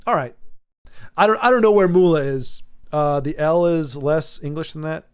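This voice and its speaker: A man's voice: fairly high pitch, normal speed, smooth. A man casually chatting with viewers on a live stream, joking and answering the chat aloud.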